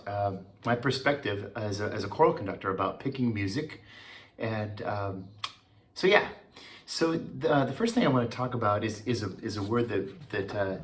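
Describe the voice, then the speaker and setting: A man, a choral conductor, giving a relaxed and chatty talk, with many fillers and restarts. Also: fairly low pitch, a little hiss or hum. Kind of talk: informal talk.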